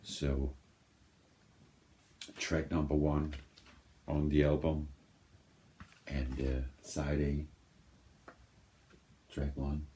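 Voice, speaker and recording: A man casually chatting while unboxing a vinyl record, rambling and correcting himself in a slow drawl, a little high. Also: flat delivery, warm tone, slight background noise. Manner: rambling, stop-start, self-correcting. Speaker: music reaction vlogger.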